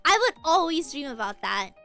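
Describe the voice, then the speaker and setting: A young woman streams a game and rambles on in a very high, bright voice. She talks casually and animatedly, breaking into squeals and laughs. Faint game music plays softly underneath. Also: sing-song, normal speed. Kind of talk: casual gaming stream chat.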